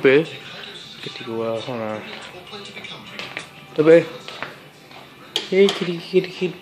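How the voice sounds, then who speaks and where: A man vlogging casually with his cats, rambling and halting with lots of fillers and soft coaxing pet talk. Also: mid-range voice. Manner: rambling and halting, with many fillers and broken sentences.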